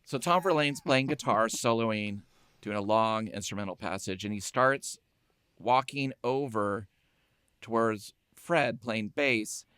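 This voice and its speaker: A man hosting a podcast who chats casually about films and tells animated stories, acting out quotes. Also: on the low side, measured pace, smooth, no room sound, studio quality. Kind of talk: casual film chat.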